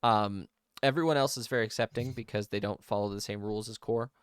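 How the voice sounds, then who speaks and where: A man as game master, narrating and explaining a tabletop game world in a relaxed way with many pauses. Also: on the low side, smooth, dry recording, studio quality.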